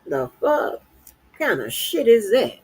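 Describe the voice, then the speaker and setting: A middle-aged woman from Florida in casual, profane commentary, exasperated and swearing constantly as she swings from low mutters to high outbursts. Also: sing-song, slow pace, a little mellow, low-quality recording. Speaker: streamer commenting on news.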